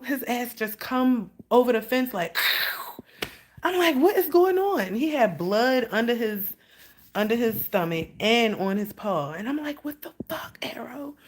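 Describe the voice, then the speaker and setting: A woman chatting on a livestream, rambling and swearing freely as she tells stories. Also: mid-range voice. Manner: rambling, profane storytelling with lots of "like". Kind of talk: casual livestream chat.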